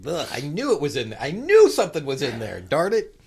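A man co-hosting a podcast, chatting casually while snacking, animated and laughing often. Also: a little high, a little fast, creaky, breathy edge. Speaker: podcast co-host.

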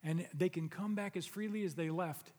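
A man's voice: sits high, steady tone, moderate pace, darkish tone. A middle-aged man preaching a sermon in a church, earnest and conversational, rising to emphatic peaks. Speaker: pastor. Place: church sanctuary. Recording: long reverb of a large hall.

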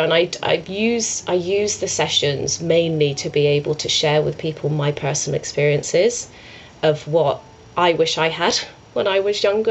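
Brief: young woman, yoga teacher, low voice with vocal fry, earnest rambling storytelling, faint noise behind. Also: dull audio. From England. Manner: earnest, rambling, many restarts and "I was like". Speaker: yoga and meditation teacher, podcast guest. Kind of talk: conversational storytelling.

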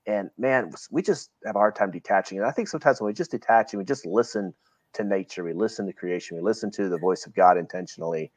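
Middle-aged guy from virginia, lowish voice, talks fast and earnest, dry close sound. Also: dry recording. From Virginia, USA. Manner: earnest, reflective, often restarts phrases. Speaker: guest. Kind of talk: casual interview talk.

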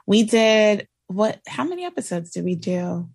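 A woman co-hosting a podcast in casual chat, playful and quick to laugh and cut in. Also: medium pitch, sing-song, vocal fry, a little mellow, dry recording. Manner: playful, laughs often, interrupts to correct. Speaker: podcast co-host.

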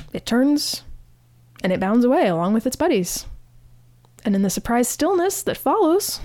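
A woman hosting a podcast, giving a casual, animated recap of a TV episode with frequent restarts. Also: medium pitch, dry recording. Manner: chatty, animated retelling with restarts. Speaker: podcast host.

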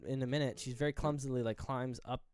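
A man co-hosting a podcast, retelling a horror film with lively, acted-out quotes and casual swearing. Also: medium pitch, quick pace, clean tone. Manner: animated retelling, acting out characters' lines; swears freely. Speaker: podcast co-host. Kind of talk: casual movie recap.

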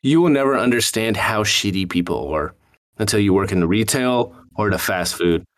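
Man, low voice, casual podcast chat, profane, storytelling. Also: expressive, normal speed. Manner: profane, storytelling, laughs often. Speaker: podcast co-host.

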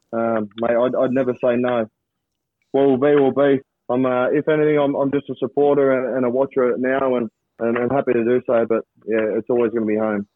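A man's voice: medium pitch, no echo. Australian man, phone-line sound, dry, hesitant with lots of restarts, rugby player guest. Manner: halting, many restarts and fillers. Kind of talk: casual interview over a call. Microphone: phone or video call from abroad.

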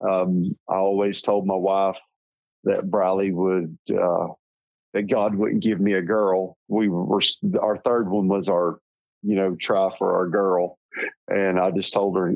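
Slow, halting Southern man. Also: low voice, flat delivery, vocal fry, dry recording, muffled recording. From Tennessee. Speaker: interview guest. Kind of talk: personal storytelling.

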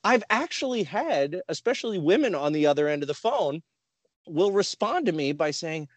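Man, podcast co-host, casual storytelling, lively pitch, dry close sound. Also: moderate pace, no room sound. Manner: animated storyteller who acts out quotes. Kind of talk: casual chat.

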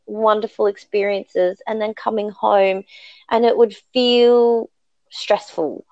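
A woman's voice: mid-range voice, flat delivery, slow pace, darkish tone, no echo. Woman, podcast guest, candid storytelling, emphatic and reflective, dry and slightly muffled recording.

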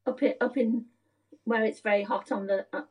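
A woman's voice: on the high side, steady tone, moderate pace, a little mellow, husky, rough recording. An older woman reminiscing in a casual conversation, telling a rambling family story and searching for words.

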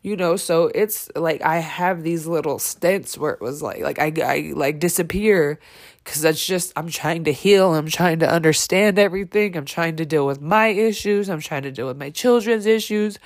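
Blunt, halting woman podcaster. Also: sits low. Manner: blunt and emphatic, with frequent swearing; halting, with many fillers and restarts. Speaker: podcast host. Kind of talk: candid personal podcast monologue.

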